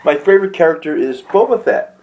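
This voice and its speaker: A man's voice: fairly high pitch, animated, fairly quick, a little mellow, low-quality recording. A young man casually telling a rambling comic story, stumbling over and repeating his words and laughing at his own jokes. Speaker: amateur comedy vlogger.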